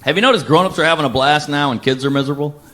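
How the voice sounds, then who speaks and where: A man's voice: on the high side, racing. A man in his thirties from the United States performing a stand-up comedy set, telling stories and putting on voices for the jokes. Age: 30s. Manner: lively storytelling with put-on voices for jokes.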